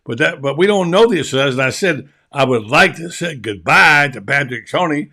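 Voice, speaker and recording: A man's voice: fairly high pitch, lively intonation, moderate pace, sharp tone. A man hosting a sports talk show, talking in a folksy, rambling way. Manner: folksy, rambling, self-deprecating. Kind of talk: casual radio sports talk.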